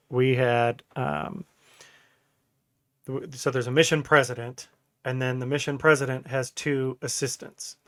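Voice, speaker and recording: A man in his thirties co-hosts a relaxed podcast, wandering through stories with frequent laughter. His voice sits at a mid pitch. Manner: rambling storyteller who laughs often. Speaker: podcast co-host. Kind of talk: casual podcast chat.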